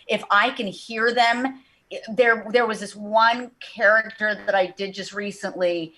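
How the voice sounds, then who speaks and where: A woman voice actor chatting on a video call panel, animated, with many restarts and repeated words. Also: mid-range voice, moderate pace. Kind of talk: casual panel chat.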